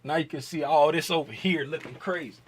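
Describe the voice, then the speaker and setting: A man hosting a trading livestream in casual chat, joking around and shouting out viewers in chat by name. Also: fairly high pitch, fairly quick, slightly rough.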